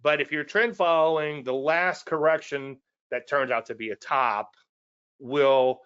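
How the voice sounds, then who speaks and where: A man's voice: fairly high pitch, a little slow, a bit bright, clean tone, dull audio. A man with a Cajun Louisiana accent giving a casual trading presentation, repetitive and folksy with self-deprecating asides.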